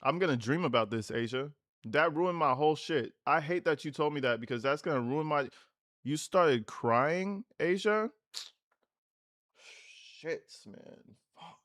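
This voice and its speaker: A man's voice: fairly high pitch, expressive, normal speed, fairly bright tone, dry recording, clean studio sound. A man hosting a livestream, reacting to a clip with profane, slangy, mocking rants. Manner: slangy, casual. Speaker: livestream host.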